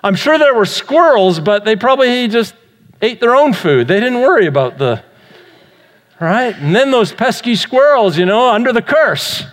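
A man's voice: extremely high pitch, very animated, moderate pace. A man preaching a sermon as a pastor, earnest and full of rhetorical questions. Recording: long church reverb.

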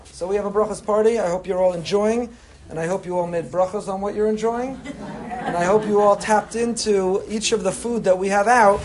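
A man's voice: sits high, fairly even intonation, fairly quick, crowd noise. A man, a rabbi, giving a chatty Torah class to a live group, mixing in Hebrew terms. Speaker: rabbi teaching a weekly class. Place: room with a breakfast crowd.

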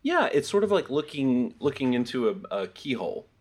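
A man's voice: medium pitch, very animated, a little fast, a little mellow. A man in casual conversation about making a fiction project, reflective and thinking aloud with frequent restarts.

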